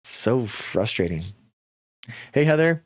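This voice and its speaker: A man hosting a casual livestream, talking to viewers with quick restarts and mocking asides. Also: mid-range voice, big pitch swings, dry recording, clean studio sound. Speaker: livestream host.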